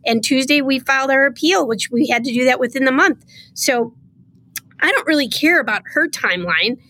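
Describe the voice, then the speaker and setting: A middle-aged woman with a fairly high voice talks in a political interview. She speaks with emphatic, impassioned conviction. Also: expressive, a little fast, pushed and bright, low-quality recording. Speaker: state comptroller, guest.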